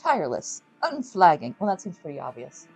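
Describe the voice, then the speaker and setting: A woman's voice: on the low side, very animated, fairly quick, vocal fry, darkish tone, breathy edge, soft background music, poor audio. A woman bantering wryly with a friend over a game. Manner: wry, reads dictionary entries aloud. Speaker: co-player.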